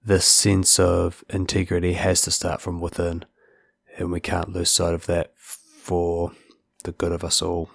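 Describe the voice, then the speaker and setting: A man's voice: deep voice, completely flat delivery, measured pace, gravelly, slightly rough, no echo, clean studio sound. A man hosting a podcast, talking earnestly in casual chat and restarting his words often. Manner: earnest, repeats words when starting sentences. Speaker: podcast host. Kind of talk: casual interview chat and outro.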